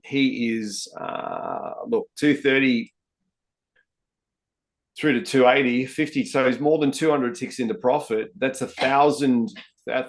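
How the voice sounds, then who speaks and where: Chatty man hosting live trading. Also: medium pitch. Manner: chatty, addresses viewers as guys and mate. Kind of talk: live-stream trading commentary.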